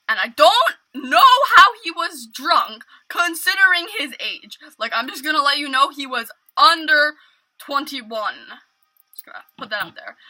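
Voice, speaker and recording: A woman's voice: high voice, bright, forceful tone. A young woman from New York state telling a rambling storytime vlog, full of "like" and mock-drama. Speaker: vlogger.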